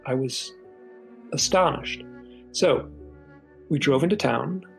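A middle-aged man, a podcast guest, telling a personal story in an earnest, halting way, often repeating a word as he starts a sentence. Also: on the high side, creaky, a bit bright, faint music behind, low-quality recording.

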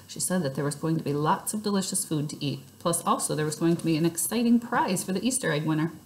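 A woman reading a children's book aloud in lively first-person storytelling. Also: lowish voice, fast, slight background noise.

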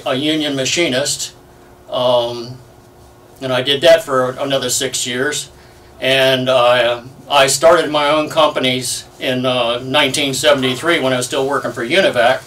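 A man in his seventies telling stories in an oral history interview, lively and full of fillers. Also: a little high, slight background noise. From United States. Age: 70s. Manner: lively anecdotal storyteller, many fillers. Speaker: Navy veteran interviewee. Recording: distant from the mic.

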